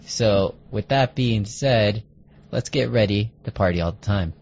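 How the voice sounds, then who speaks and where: Husky low-voiced man. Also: unhurried, a little mellow, lo-fi sound. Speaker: podcast host. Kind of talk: casual segment introduction.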